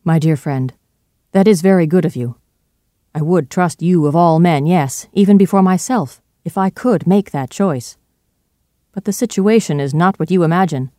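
A reader voicing a fifty-year-old male doctor in a storybook reading, earnest and pleading but turning sharp and firm when pressed. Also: mid-range voice, normal speed, no echo, clean studio sound, close to an everyday voice. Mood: warm earnest.

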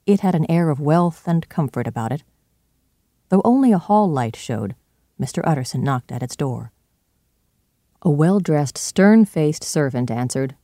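Man narrating a storybook, steady, even, mellow and warm, dry close sound. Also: on the high side, measured pace, no room sound.

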